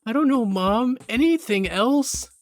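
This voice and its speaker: A man's voice: very high-pitched, lively intonation, measured pace, soft background music, voice pushed up. A man voicing a moody teenage girl who whines and lashes out dramatically. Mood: bitter. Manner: whiny, dramatic outbursts.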